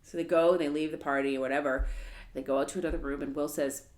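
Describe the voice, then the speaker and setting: A woman's voice: deep voice, fairly even intonation, fast, a little mellow. A woman co-hosting a casual podcast chat, animatedly retelling a story and acting out the quotes. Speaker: podcast co-host.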